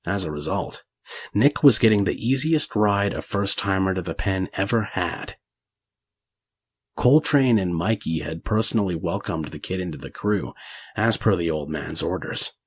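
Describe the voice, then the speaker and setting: A man reading a horror story aloud in a measured, gritty way with crude language. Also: low voice, expressive, breathy edge. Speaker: narrator. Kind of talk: scripted horror story narration.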